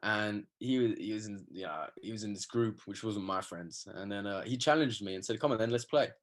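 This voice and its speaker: A young man from England, telling animated stories with lots of slang in a casual interview. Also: on the low side, normal speed. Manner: animated storytelling, slangy, acts out quotes. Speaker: guest.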